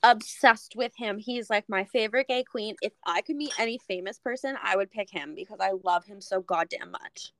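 A young woman co-hosting a podcast in casual chat, gushing and excitable, swearing a lot. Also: mid-range voice, moderate pace, hardly any pauses. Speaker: podcast co-host.

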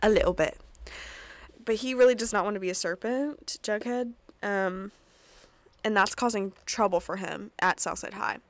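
Young woman, casual solo recap host, chatty and sweary, mid-pitched voice, dry recording. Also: no room sound. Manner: chatty, swears often, laughs a lot, quick asides. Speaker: podcast host recapping a TV episode.

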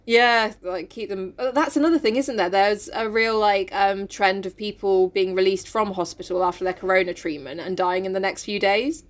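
A woman's voice: moderate pace, hardly any pauses. A young woman casually chatting as a podcast co-host, recapping a novel and swearing freely. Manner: swears freely, acts out characters in big high voices.

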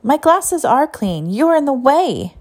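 A woman's voice: high-pitched, big pitch swings, a little slow, darkish tone, voice pushed up, exaggerated voice. A woman voicing a blunt, contrary young girl. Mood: stubborn. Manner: matter-of-fact, contrary.

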